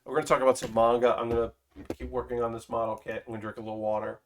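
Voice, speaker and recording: A man's voice: medium pitch, level tone, rapid-fire. A man streaming as he builds a model kit, chatting loosely with fillers and casual swearing. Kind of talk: casual live-stream chat.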